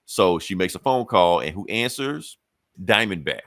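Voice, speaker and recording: A man casually recapping a comic story on a podcast, swearing freely and acting out the characters' lines in quick bursts. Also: low voice, lively intonation, a bit bright, no echo. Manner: loose, profane storytelling with quick acted-out quotes. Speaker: comic book podcast host.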